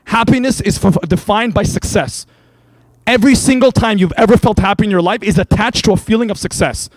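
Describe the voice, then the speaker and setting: Male rabbi, sermon for beginners, animated storyteller, high voice, dry close sound. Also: no echo. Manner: animated storyteller, talks straight to the crowd. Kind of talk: sermon for beginners at an evening event.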